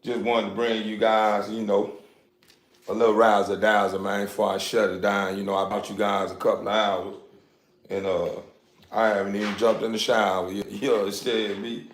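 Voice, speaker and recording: A man's voice: fairly low pitch, level tone, normal speed, echoey room. Rambling man on a phone livestream. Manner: rambling, repetitive, laughing, addressing viewers. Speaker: dog breeder livestreaming. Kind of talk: casual livestream chat.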